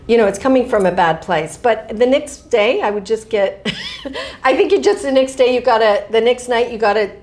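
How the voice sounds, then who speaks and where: A middle-aged woman author talking casually in an interview, animated, often laughing and restarting her sentences. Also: fairly high pitch, normal speed, slight background noise.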